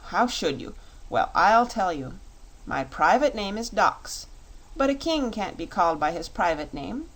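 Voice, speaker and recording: Vain fox monarch, flattering, self-satisfied, mid-pitched as a woman reads him. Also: measured pace, rough recording. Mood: pompous. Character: pompous vain male fox king.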